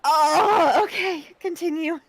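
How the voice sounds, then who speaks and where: Giggly, high-voiced woman on a gaming call. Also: takes it slowly. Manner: giggly, teasing. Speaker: co-player in a group stream. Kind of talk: casual group gaming chat. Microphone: headset.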